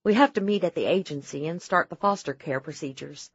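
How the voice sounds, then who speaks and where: A woman's voice: low voice, fairly quick, slightly rough, dry recording, muffled recording. A woman voicing a young wife who is tender at first and then desperate, pleading and crying out. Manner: pleading, sobbing cries. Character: young wife, loving then grief-stricken.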